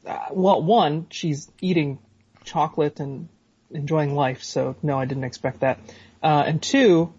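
A man co-hosting a podcast over a remote call, dry and deadpan in his jokes. His voice is husky, and the line sounds dull and muffled. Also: on the high side, unhurried. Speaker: podcast co-host. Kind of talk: casual comedic podcast chat.

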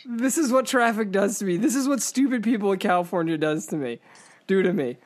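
A woman hosting a podcast, telling a story in casual chat with animated, profane energy. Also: medium pitch, a little fast. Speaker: podcast host.

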